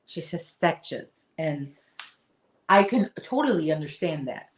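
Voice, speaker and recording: A low-pitched woman talks at an unhurried, easy pace as she hosts a crochet livestream. She chats with her viewers and picks up their comments, often stumbling and restarting her sentences. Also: expressive. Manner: chatty, answers viewer comments, frequent restarts. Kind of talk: casual live chat while crocheting.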